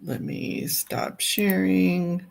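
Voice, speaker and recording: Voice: medium pitch, very slow, vocal fry, in a whisper. A livestream host in casual chat, thinking aloud while fumbling with files on a computer.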